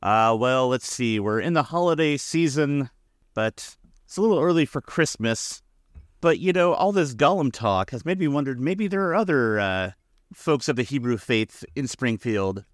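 A man's voice: mid-range voice, expressive, moderate pace, dry recording. A man co-hosting a casual podcast with dry, laid-back jokes. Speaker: podcast co-host.

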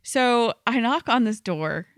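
A woman telling a wild story in casual podcast chat, animated and full of "like". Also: fairly high pitch, takes it slowly, no echo, studio quality.

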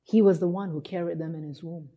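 Woman, sermon, husky voice, lively storytelling, long hall reverb. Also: on the low side, fast talker, lo-fi sound. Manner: animated storytelling, acting out quotes. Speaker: preacher.

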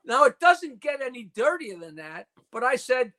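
High bright-voiced older joke-telling man. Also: very animated, moderate pace, few pauses. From New York. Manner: boisterous storyteller, rattles off dirty jokes. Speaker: comedian guest. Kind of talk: casual call-in chat.

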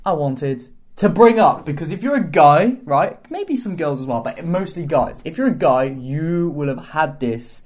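A man chatting casually on a podcast, telling rambling stories with quick asides. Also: a little high, expressive. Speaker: podcast co-host.

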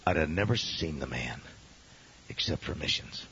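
A man preaching a storytelling sermon as a pastor, dramatic, swinging from loud exclamations to hushed near-whispers, on a dull lo-fi recording. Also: very deep voice, expressive, normal speed, slight background noise.

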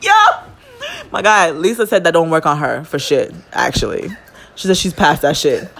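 A young woman, telling a story in casual chat as a podcast co-host, profane and quick to indignation. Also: low-pitched, lively intonation, fairly bright tone, slight background noise.

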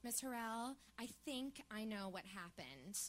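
A woman's voice: on the high side, unhurried. A woman in her thirties co-hosting a live podcast on a theatre stage, telling stories chattily with lots of fillers. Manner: chatty, animated storyteller with many fillers. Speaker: podcast co-host. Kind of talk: live podcast banter and storytelling.

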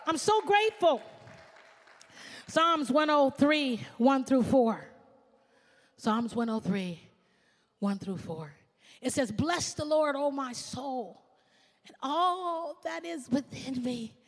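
A woman pastor preaching a sermon, swinging from shouts to hushed asides. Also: high-pitched, expressive, slow pace, in a large hall.

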